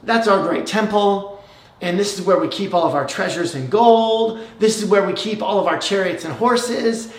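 A proud, boastful king eager to show off his riches, played by a preacher in a sermon. The voice is lively and raised. A roomy echo hangs around every word. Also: mid-range voice, normal speed, natural voice.

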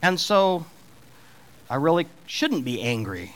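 A man's voice: fairly high pitch, big pitch swings, slow, fairly bright tone. A middle-aged man preaching a sermon, taking on God's voice for the scripture questions with rising emphasis.

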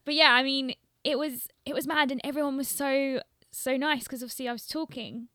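A woman's voice: high-pitched, steady tone, brisk, pushed and bright, dry recording, studio quality. A young woman with a London accent, chatting casually as a guest, laughing often and filling her talk with "like" and "um". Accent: London English. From London, England. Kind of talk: casual chat.

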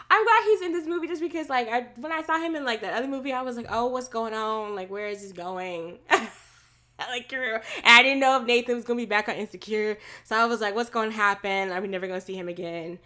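A woman's voice: a little high, lively intonation, brisk, bright, forceful tone. A woman, co-hosting a casual chat, talking loosely with many fillers and easy laughs. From Texas. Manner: chatty, frequent "like" and "um" fillers, laughs easily. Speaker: podcast co-host.

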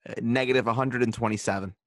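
A man co-hosting a casual fantasy football chat, giving numbers and making dry, deadpan jokes. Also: mid-range voice, quick pace, no room sound. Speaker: podcast co-host.

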